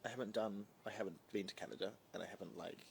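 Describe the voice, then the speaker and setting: Chatty Kiwi man with a gravelly low voice. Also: fast talker, a little hiss or hum. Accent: New Zealand with a slight British twang. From New Zealand. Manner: chatty, playful, scattered, reads comments aloud. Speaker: drag performer reading live comments. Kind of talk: casual livestream Q&A.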